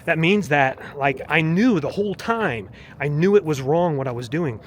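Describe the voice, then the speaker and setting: A man's voice: a little high, expressive, moderate pace, slight background noise. A man vlogging while walking on a mountain trail, talking in an earnest, rambling, preachy way. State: walking, heart rate up. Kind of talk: casual walking vlog testimony.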